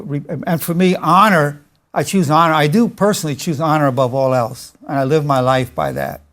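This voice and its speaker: An older man, a psychologist, giving a motivational lecture in an emphatic, self-assured way and illustrating it with personal stories. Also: on the high side.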